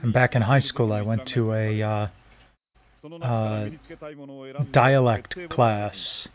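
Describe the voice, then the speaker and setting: A man livestreams a game, chatting casually in a put-on, British-leaning accent, rambling with lots of fillers and restarts. His voice is lowish with fairly even intonation, and he takes it slowly.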